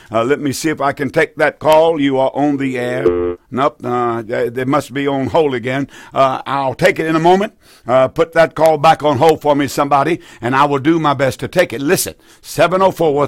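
This male Bible teacher on call-in radio has a mid-range voice, captured clean in the studio with no room sound. He preaches passionately, circling back on phrases and starting over frequently.

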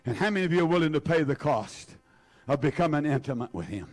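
High-voiced fervent preacher man. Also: animated, quick pace, a little mellow. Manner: fervent preaching, repeating words for emphasis; calls on the congregation by name. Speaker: pastor. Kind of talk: sermon.

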